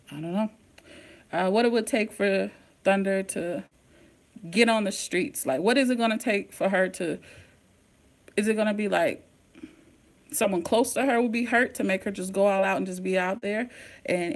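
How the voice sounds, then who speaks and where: A woman chatting live to her viewers as she recaps a TV episode. Her talk is casual and slangy, and she gets excited easily. Her voice sits at a middle pitch. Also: vocal fry. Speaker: TV recap host. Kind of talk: casual live-stream chat.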